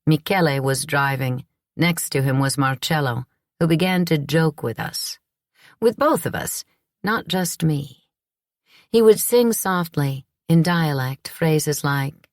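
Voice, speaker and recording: A woman narrating an audiobook in the first person, with a measured, reflective delivery. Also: deep voice, lively intonation, no echo, studio quality.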